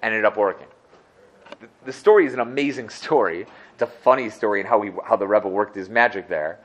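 A man teaching a religious class, telling a story in a conversational, animated way and often checking in with the listeners. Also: on the low side, fairly quick.

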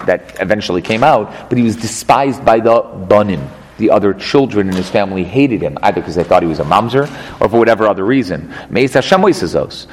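A man teaching a text study, explaining and translating verse by verse. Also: on the low side. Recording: long hall reverb, faint noise.

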